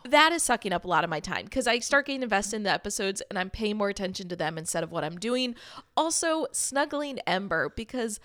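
A young woman from Texas co-hosting a podcast, telling stories in a chatty, animated way and laughing often. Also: medium pitch, quick pace, dry recording. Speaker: podcast co-host. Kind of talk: casual chat.

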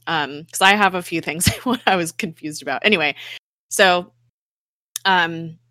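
A woman with a low-pitched but bright, forceful voice chats through a TV recap. She talks animatedly and slips into the characters' lines as she retells scenes. The sound is dry and close. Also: unhurried, no room sound. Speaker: podcast co-host. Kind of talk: casual chat recapping a TV show.

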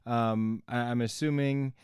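Mellow-voiced man musing on scripture. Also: medium pitch, fairly even intonation, measured pace, clean tone, no room sound, clean studio sound. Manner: thinks aloud, tentative, says "I'm assuming". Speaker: podcast co-host. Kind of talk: casual Bible study chat.

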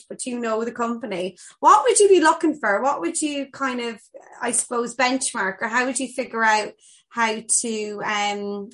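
A woman's voice: fairly high pitch, fairly bright tone, low-quality recording. An Irish woman hosting a podcast over a video call, asking long, rambling questions with enthusiasm. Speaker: podcast host. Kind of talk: casual interview chat.

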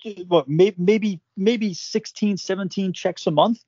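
A man with a slightly high voice tells a story in casual, profane chat, tripping over repeated words and swinging into loud acted-out quotes. The sound is dull and dry, with no room around it. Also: moderate pace, breathy edge, no echo. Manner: animated, swears freely, repeats words, acts out quotes. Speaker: podcast co-host telling his story.

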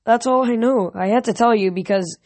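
A woman reading the part of an anxious young woman with visions speaks earnestly and apologetically, a little higher than plain storybook narration. The sound is dry and close. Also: brisk, darkish tone, no room sound. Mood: earnest apologetic.

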